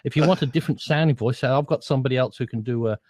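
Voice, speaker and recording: A man's voice: medium pitch, very fast, mellow, no echo. Chatty man, dry close voice. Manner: chatty, talks things through with restarts. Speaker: co-host, voiceover worker. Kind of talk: casual chat.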